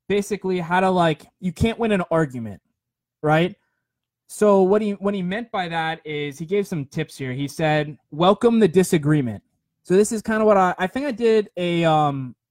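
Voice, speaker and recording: A man's voice: a little high, darkish tone, no room sound. A young man giving a rambling, earnest motivational talk on a phone livestream, full of fillers and repeated words.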